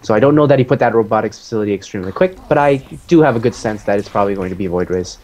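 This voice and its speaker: A man casually explaining his own strategy game match as he plays it, relaxed, with many fillers. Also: fairly low pitch, racing.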